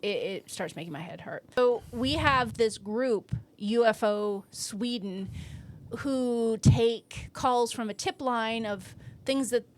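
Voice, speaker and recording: Relaxed woman co-hosting a movie podcast. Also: on the high side, takes it slowly. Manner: relaxed, recaps the plot loosely with restarts. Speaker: podcast co-host. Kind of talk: casual movie chat.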